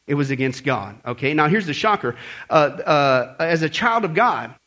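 Lively, high-voiced preaching man. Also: normal speed. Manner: animated, conversational, full of rhetorical questions. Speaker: pastor. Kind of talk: sermon. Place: church service before a congregation.

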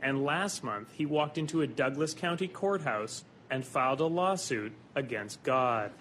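A man reporting a news segment in a measured reporting voice. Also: medium pitch, animated, fairly bright tone, a little hiss or hum.

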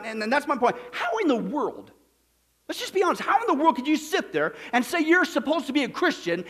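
A man's voice: sits high, a bit bright. A man preaching a sermon, reading verses and putting emphatic questions to the congregation. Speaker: pastor.

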